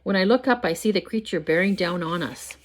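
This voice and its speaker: Older woman reading her story aloud. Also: on the low side. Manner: measured, expressive reading. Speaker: author reading her own book. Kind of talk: first-person story reading. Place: home, with a pet dog nearby.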